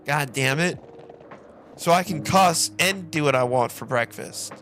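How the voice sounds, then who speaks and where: A man's voice: fairly high pitch, a little slow, fairly bright tone, faint music behind. A man chatting casually while he plays a game, rambling and joking, with a lot of swearing. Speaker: streamer. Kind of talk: casual chat while gaming.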